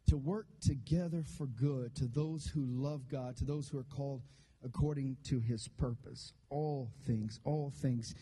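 A man's voice: mid-range voice, unhurried, dark tone, breathy edge. A male pastor preaching a sermon, joking and leading call-and-response with the congregation.

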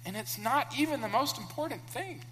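A man preaching a sermon, animated, acting out the characters in sudden loud high bursts. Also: a little fast. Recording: long echo of a large room, faint hum.

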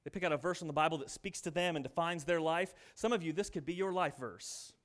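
A middle-aged man delivers a sermon to his congregation. His voice sits high for a man. He keeps it conversational and animated, acting out the voices in his stories. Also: fast talker. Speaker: pastor.

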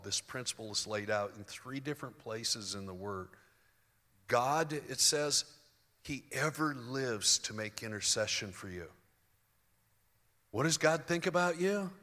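A man in his sixties delivering a sermon in an easy, conversational way, full of restarts and small fillers. His voice sits in an ordinary middle pitch and swings from quiet reflection to emphatic stress. A long reverb from the church hall trails behind each phrase. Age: 60s. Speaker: pastor.

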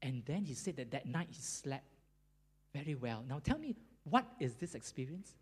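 A preacher delivering a sermon as a story, rising and falling in pitch with lively swings. The voice has a slightly husky, breathy edge. Pauses for effect and chuckles along the way. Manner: animated, dramatic pauses, chuckles while telling a story.

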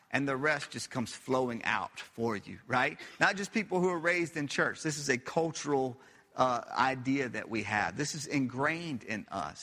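Male pastor preaching in a church sanctuary; bright, driving delivery, rhetorical questions to the congregation, echoing hall. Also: medium pitch. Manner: emphatic, repeats phrases, asks the audience questions. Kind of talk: sermon.

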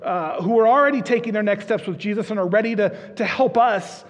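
A man's voice: high-pitched, brisk. A man preaching a sermon as a pastor, telling stories in an earnest, conversational way with frequent restarts. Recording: dull lo-fi recording in a reverberant hall.

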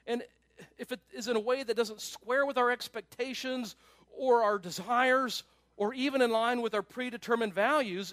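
A man pastor preaching a sermon in an animated, conversational way, with asides to his listeners. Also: very high-pitched, no room sound.

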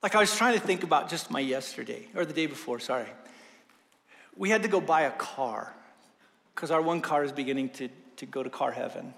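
A male pastor preaching a sermon, swinging from hushed slow passages to loud fervent ones. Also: a little high, expressive, vocal fry. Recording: long hall reverb.

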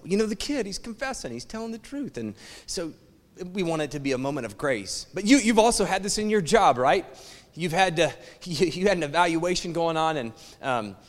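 A middle-aged man preaching from the pulpit, telling stories with animated humor and acting out both sides of his exchanges. His voice sits a little high for a man. It rings with the long reverb of a church sanctuary. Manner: animated storytelling, acts out quoted exchanges. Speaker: pastor. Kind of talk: sermon.

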